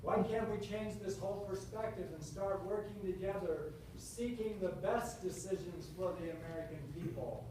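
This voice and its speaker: A man's voice: high-pitched, moderate pace, few pauses. A man in the audience earnestly asking a question at a town hall meeting. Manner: earnest, building to a plea. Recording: very echoey hall from far off with noise.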